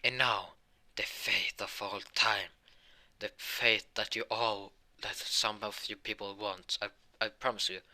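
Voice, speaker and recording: A man's voice: on the low side, pushed and bright. A man narrating an improvised fan story, rambling with many fillers and self-corrections.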